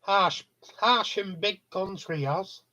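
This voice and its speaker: A man's voice: high voice, slow, bright, forceful tone, dull audio. A man chatting casually on a live stream, telling rambling stories with frequent chuckles. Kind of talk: casual chat with viewers.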